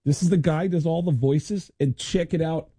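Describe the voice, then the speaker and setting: A man's voice: a little high, normal speed, dark tone, breathy edge, no echo, pitched above the performer's own voice. A man doing an impression of a laid-back rock drummer who calls everyone dude. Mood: friendly. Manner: easygoing, drawling, calls people dude.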